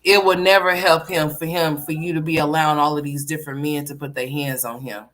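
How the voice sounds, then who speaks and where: A woman hosts a casual reaction commentary with a slightly low voice. She is blunt, sassy and freely profane as she talks back at a clip and chats with her viewers. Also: fairly even intonation, a little fast, fairly bright tone. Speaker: commentary host.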